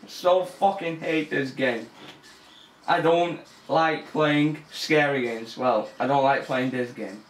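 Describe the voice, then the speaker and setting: A man's voice: fairly high pitch, slow, roomy sound. A young man commentating a horror game as he plays, nervous and easily scared, swearing and laughing. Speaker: gamer. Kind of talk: let's play commentary.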